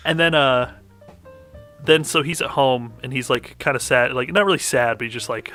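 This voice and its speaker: A man's voice: mid-range voice, normal speed, pauses often, sharp tone, soft background music. A young man chatting on a podcast, retelling an anime plot in a rambling way full of fillers and laughs. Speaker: podcast co-host. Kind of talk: casual chat recapping an anime.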